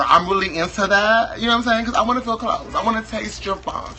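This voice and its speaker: A man's voice: high-pitched, fast, bright, forceful tone, slight background noise, poor audio. A man in his thirties from Wisconsin, chatting as a guest in a flamboyant, campy, playfully exaggerated way. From Wisconsin, USA. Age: 30s. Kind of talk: casual chat.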